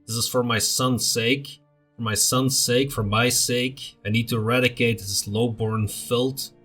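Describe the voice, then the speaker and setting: A man's voice: medium pitch, steady tone, a bit bright, soft background music. A man voicing a crazed old noble grandfather. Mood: fanatical. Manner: ranting, slow menacing pronouncements.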